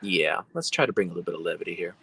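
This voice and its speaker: A man telling a story as a guest in a casual, animated way. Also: low-pitched, rapid-fire, husky, poor audio.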